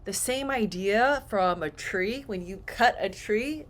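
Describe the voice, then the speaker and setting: A woman's voice: mid-range voice, takes it slowly. A woman English teacher giving a grammar lesson, acting out example phrases as she explains. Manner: animated, acts out example phrases.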